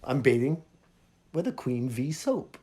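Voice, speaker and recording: Animated man telling a comic story. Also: mid-range voice, a little slow. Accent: Hawaiian. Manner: animated, jumps between loud and quiet, acts out dialogue. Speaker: podcast host. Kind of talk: casual comedic storytelling.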